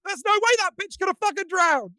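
Brash, crude elderly woman comic, shrill and high, put on by a man, shouting the punchlines. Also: lively intonation, fairly quick, no echo, heavily acted. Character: brash foul-mouthed elderly woman comedian. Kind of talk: impersonation in an anecdote.

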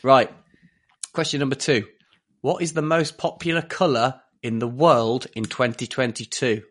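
A man hosting a casual quiz among friends in a jokey, brisk way, laughing often. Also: mid-range voice, fairly even intonation, a bit bright. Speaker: quiz host. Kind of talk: casual podcast chat.

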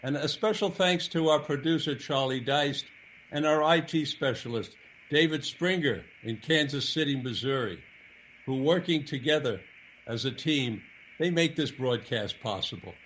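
Earnest halting male radio host. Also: a little high, a bit bright, a little hiss or hum, rough recording. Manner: earnest, halting with repeated words. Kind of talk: radio interview and sign-off.

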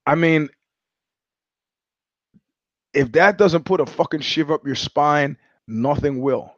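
A man's voice: fairly high pitch, takes it slowly, pauses often, no room sound. A man hosting his own show, telling stories in a sardonic, profane monologue. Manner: sardonic, profane, mimics others in anecdotes. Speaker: show host. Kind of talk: monologue storytelling. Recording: dry, slightly dull lo-fi audio.

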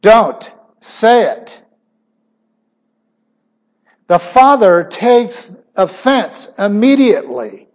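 A middle-aged man preaching a sermon emphatically, his voice swinging suddenly between loud stressed words and quiet asides. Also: high-pitched, very animated, very slow, pauses often.

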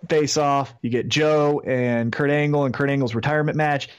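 Guy ranting on a podcast, swears a lot, kinda high voice, muffled lo-fi sound. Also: moderate pace, clear, resonant tone. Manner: animated, profane ranting. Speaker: podcast co-host. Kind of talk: casual wrestling chat.

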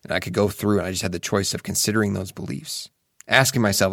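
A man's voice: fairly low pitch, quick pace, fairly bright tone, dry recording, clean studio sound. A young man giving an earnest, reflective monologue, musing aloud with casual swearing and frequent restarts. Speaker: solo speaker.

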